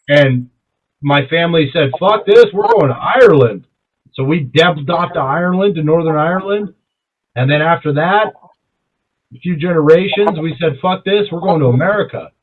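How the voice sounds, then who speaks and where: A young man telling stories in loose, profane casual chat, with a fairly high voice. His voice comes through thin and tinny, like a phone line. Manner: profane, animated storyteller who jumps high in pitch when quoting himself. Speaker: podcast co-host.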